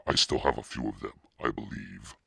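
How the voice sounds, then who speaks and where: A man's voice: extremely low pitch, normal speed, creaky, breathy edge, no room sound, clean studio sound, heavily acted. A man doing a curt, eerie mask-shop owner. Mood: quiet. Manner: curt, quiet. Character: curt, strange man in black cape running a mask shop.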